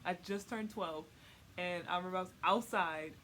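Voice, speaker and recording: A woman's voice: on the low side, moderate pace, fairly bright tone, a little hiss or hum. Giggly young woman telling a candid story. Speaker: vlogger. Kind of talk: casual storytelling.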